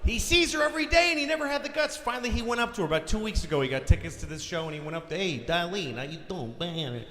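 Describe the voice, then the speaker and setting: Racing along with hardly any pauses, a man from Boston fires off crude, exasperated rants in a blunt stand-up routine. His voice is very high and a bit bright. The clip was recorded live in a large concert hall, with the audience audible.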